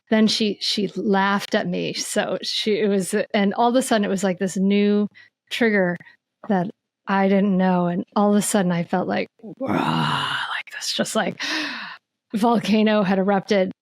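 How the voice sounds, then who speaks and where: A woman guest on a parenting podcast, telling stories in an animated, searching way with many restarts. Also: mid-range voice, no echo. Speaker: guest, mindful parenting teacher. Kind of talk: conversational podcast interview.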